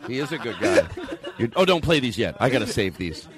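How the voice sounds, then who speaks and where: A middle-aged man hosting a comedy podcast, ranting in an exasperated, animated way with plenty of restarts and swearing. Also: medium pitch, fairly quick, crowd noise. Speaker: podcast host.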